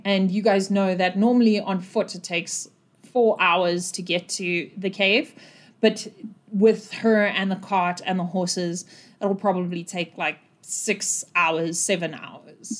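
A woman's voice: mid-range voice, steady tone, measured pace. A woman narrating as game master of a tabletop game in a loose, conversational way. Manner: conversational, rambling with fillers.

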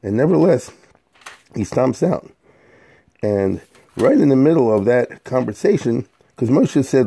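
A Torah teacher with a mellow, warm, medium-pitched voice gives a relaxed, conversational scripture lesson, translating Hebrew verses into everyday English as he goes. He speaks at a measured pace with vocal fry, a breathy edge and long pauses, sometimes restarting a phrase or repeating a word before moving on.

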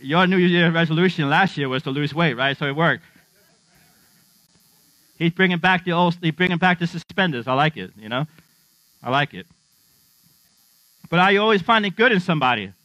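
Middle-aged guy preaching, bright voice, kinda high, jokes around, dry dull sound w/ faint hum. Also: lively intonation, moderate pace, pauses often, dry recording. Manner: humorous, conversational, asks the congregation questions. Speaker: pastor. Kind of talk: sermon. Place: church.

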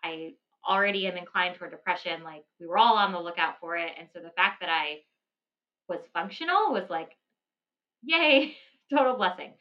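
A woman's voice: lowish voice, steady tone, brisk, highs cut off. A woman talking earnestly about mothering twins in a casual podcast chat, reflective and prone to restarting her sentences.

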